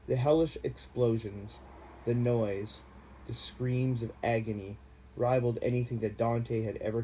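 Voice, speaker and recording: Mellow-voiced man reading a memoir. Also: mid-range voice, poor audio. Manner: plain, unpolished, casual asides. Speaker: audiobook reader.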